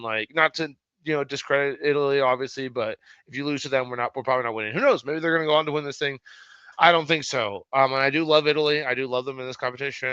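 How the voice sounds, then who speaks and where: A man hosting a casual sports recap show, talking loosely and swearing freely in animated outbursts. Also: mid-range voice, smooth, no echo. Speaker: sports podcast host. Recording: dull lo-fi sound, dry.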